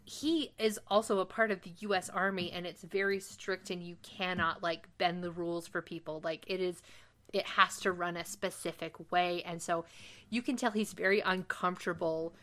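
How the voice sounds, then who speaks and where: A woman co-hosting a podcast, retelling a TV episode in casual chat with animated, quick delivery. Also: on the low side. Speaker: podcast co-host recapping a TV episode.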